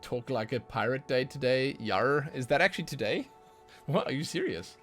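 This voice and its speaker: Faint music plays behind a livestreaming gamer who talks at normal speed in a medium pitch. He rambles casually to viewers, repeating words and flaring up with sudden excitement.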